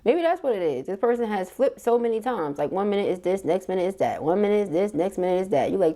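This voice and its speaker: A middle-aged woman giving a casual, slangy tarot reading to camera, chatty and quick to laugh. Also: mid-range voice, animated, dark tone. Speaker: tarot reader.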